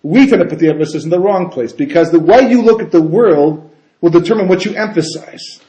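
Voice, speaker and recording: A man giving a casual Torah talk as a rabbi, animated and full of rhetorical questions and asides. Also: high voice, brisk. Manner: animated, rhetorical questions, frequent "you know" and "right?". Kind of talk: casual conversational Torah lecture. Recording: echoey room.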